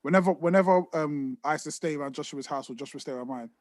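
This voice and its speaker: A man's voice: on the high side, fast, a little mellow, no echo. A young man, chatting casually and rambling as a podcast co-host. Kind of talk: casual chat.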